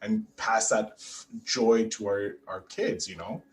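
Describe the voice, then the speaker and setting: A man's voice: on the low side, measured pace, gravelly, rough recording. A man hosting a podcast interview, talking casually and eagerly with many fillers and restarts. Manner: chatty and animated, with frequent fillers and restarts. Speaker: podcast host.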